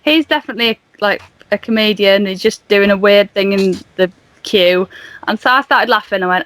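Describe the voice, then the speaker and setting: A woman's voice: mid-range voice, brisk, no echo. A young woman guest on a podcast, telling a story casually and animatedly, laughing and acting out the dialogue. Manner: animated, laughing, acts out dialogue in her retelling.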